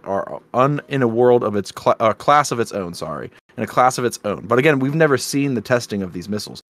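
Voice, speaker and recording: Lowish-voiced man, earnest podcast co-host. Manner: earnest, with frequent restarts and self-corrections. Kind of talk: casual drinking-podcast chat.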